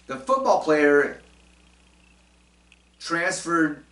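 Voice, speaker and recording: A man's voice: on the high side, lively intonation, very slow, bright, forceful tone, roomy sound, recorded from a distance. A man hosting a casual talk show, rambling through his commentary with lots of fillers and restarts. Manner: rambling, many fillers and restarts, chuckling asides. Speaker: show host doing commentary segments.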